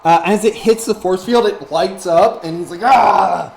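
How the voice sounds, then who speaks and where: A man's voice: high voice, moderate pace, darkish tone. A man narrating as game master, rambling with many fillers.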